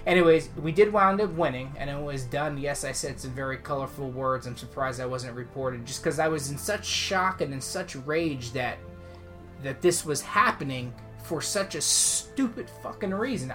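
A man co-hosting a casual podcast, heatedly retelling a story with lively, animated delivery. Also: a little high, moderate pace, faint music behind. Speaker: podcast co-host.

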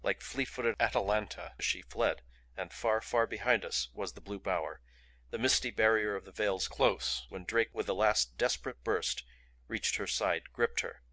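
A man reading an adventure novel aloud in steady, dramatic narration. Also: fairly low pitch, moderate pace. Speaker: audiobook reader. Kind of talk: audiobook narration.

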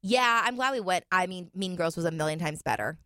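A young woman from Minnesota co-hosting a podcast in casual chat, teasing and quick to react. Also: fairly low pitch, lively intonation, sharp tone, no echo, clean studio sound. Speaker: podcast co-host.

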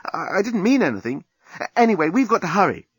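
Brisk, breathless woman in a storybook reading, voiced by a male narrator. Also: sits high, very animated, husky, dry recording, voice pushed up, heavily acted. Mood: gushing. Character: American woman Nettie, brisk, flustered.

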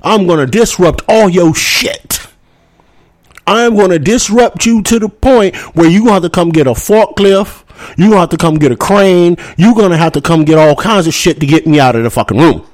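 A man's voice: high-pitched, normal speed, no room sound, studio quality. A man hosting a political talk show, delivering a heated monologue full of profanity and rhetorical "hmm?" asides. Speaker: podcast host.

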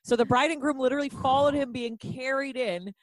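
A woman in her thirties telling stories in relaxed chat, acting out what people said and swearing freely. Her voice sits a little high. It is recorded close, with a dry sound and no room around it. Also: brisk, no room sound. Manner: animated storyteller, swears freely, acts out quotes. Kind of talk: casual chat.

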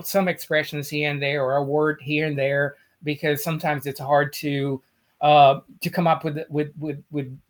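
A man co-hosting a casual chat, passionate, with frequent restarts and halting phrases. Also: fairly high pitch, a bit bright. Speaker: podcast co-host.

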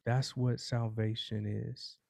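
A man preaching a sermon, telling a courtroom parable in a slow, dramatic storytelling manner. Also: medium pitch, little pitch movement, gravelly, a little mellow, no echo.

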